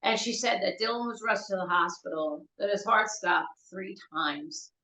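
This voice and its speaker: A middle-aged woman, a bereaved mother, telling her son's story as a podcast guest, halting and searching for words, tearful at times. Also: mid-range voice, bright, forceful tone, roomy sound, rough recording. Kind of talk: emotional personal storytelling.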